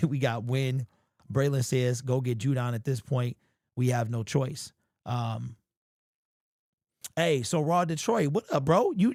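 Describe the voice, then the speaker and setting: A man with a hoarse, sore-throated voice, hosting a casual sports livestream and chatting loosely with viewers. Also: fairly high pitch, a little mellow, no echo, clean studio sound. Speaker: sports show host.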